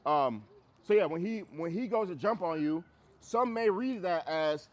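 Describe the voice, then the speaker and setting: A man's voice: high voice, lively intonation, normal speed. A man teaching a group dog training class, talking bluntly and casually and repeating phrases for emphasis. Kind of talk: group class instruction outdoors.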